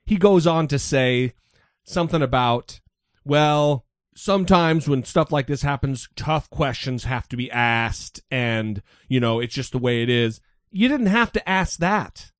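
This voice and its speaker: A man's voice: medium pitch, unhurried, clean tone, no echo, studio quality. A man co-hosting a podcast, talking casually and mocking the news with sarcasm. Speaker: podcast co-host.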